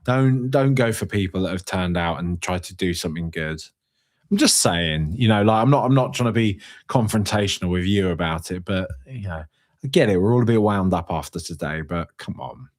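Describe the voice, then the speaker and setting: A man of about forty talks into a studio microphone as a lone podcast host, working through viewer comments. His voice sits a little low, and he rambles and restarts as his emotions lead him. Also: lively intonation, moderate pace. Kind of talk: solo live-stream chat reading and venting.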